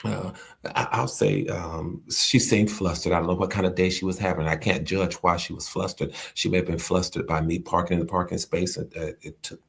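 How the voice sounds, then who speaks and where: A man's voice: sits low, fairly even intonation, brisk, vocal fry, husky. A middle-aged man hosting a live-streamed talk, greeting viewers and giving an inspirational lesson with many restarts and repeated phrases. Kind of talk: casual inspirational livestream talk. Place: indoors at a friend's home while traveling.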